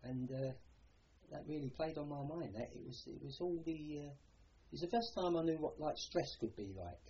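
Old cockney bloke telling war stories, warm soft voice, lots of you-knows, kinda muffled. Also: male voice, on the high side, animated, normal speed, slight background noise. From London. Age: older. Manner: rambling, plain-spoken, peppered with "you know". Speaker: war veteran interviewee. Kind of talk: oral history recollection.

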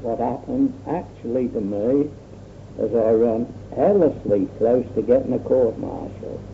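A man's voice: mid-range voice, unhurried, gravelly. An older man telling his own war memories in a rambling, plainspoken way. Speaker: war veteran. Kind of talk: oral history recollection. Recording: tinny lo-fi old recording with faint hiss.

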